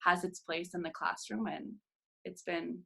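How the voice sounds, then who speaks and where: A French-speaking woman, a teacher, chatting calmly about her classroom. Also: fairly low pitch, unhurried, vocal fry, slightly rough. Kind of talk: casual group chat.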